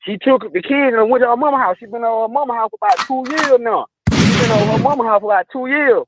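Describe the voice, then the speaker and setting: A man's voice: very high voice, quick pace, very noisy. A man from Atlanta calling in to tell a story in a blunt, profane, emphatic way. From Atlanta, USA. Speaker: caller. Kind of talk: call-in storytelling. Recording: dull, dry phone-in audio.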